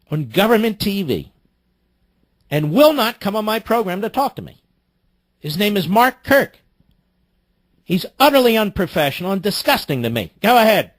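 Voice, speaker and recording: Brief: combative radio host, dry close studio sound, voice leaps up when outraged. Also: male voice, sits high, no room sound. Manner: indignant, mocking, sharp outbursts. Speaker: radio talk show host. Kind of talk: political talk radio commentary. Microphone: studio microphone.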